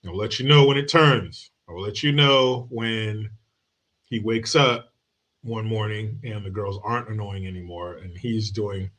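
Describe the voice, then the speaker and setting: A man's voice: fairly low pitch, steady tone, a little slow, a bit bright. A man hosting his own livestream in casual chat, telling family stories with lots of swearing and frequent laughter. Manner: profane, joking storyteller. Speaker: streamer and show host.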